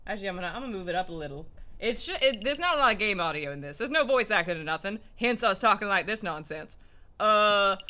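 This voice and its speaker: A man's voice: sits high, expressive, fast, sharp tone. A man with a Southern US accent, rambling and joking as he comments on a game he's playing. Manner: rambling, self-mocking, laughs often. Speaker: let's play co-host. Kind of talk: casual gameplay commentary.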